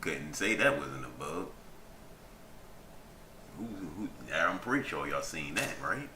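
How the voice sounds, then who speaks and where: A laid-back male gaming streamer chats to his viewers while he plays. His voice is low, and his mic sits far off in an echoey room. Loud game sound runs underneath him. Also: sing-song, slow, very noisy. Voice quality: laid-back, talks to himself and chat, chuckles. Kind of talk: casual live gameplay commentary.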